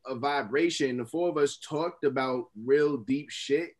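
A man's voice: medium pitch, measured pace. A man co-hosting a podcast, reminiscing about a past episode in casual banter. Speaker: podcast co-host.

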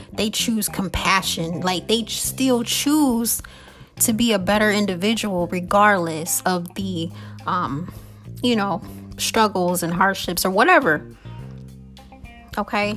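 A woman hosting a faith-based motivational talk, earnest and heartfelt, often checking in with the listener and adding quick self-aware asides. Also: medium pitch, sharp tone. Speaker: podcast host.

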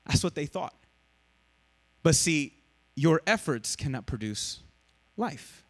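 A man preaching a sermon, asking the congregation questions and dropping to a hush to stress a point. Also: a little high, sing-song, takes it slowly, pauses often. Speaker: pastor.

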